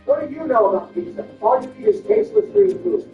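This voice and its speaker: This gameplay commentator talks fast in a very high, creaky voice with big swings in pitch. He throws crude insults back and forth in squabbling comic impressions, captured in a muffled, distant, roomy recording with music playing.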